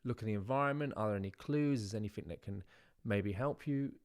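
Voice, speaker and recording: A man dating coach talking straight to his viewers in a relaxed, conversational way, often checking in with "right?" and slowing his voice to show how a line should land. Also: fairly low pitch. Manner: conversational, repeats "right?", demonstrates lines by slowing his delivery. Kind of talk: instructional talk to camera.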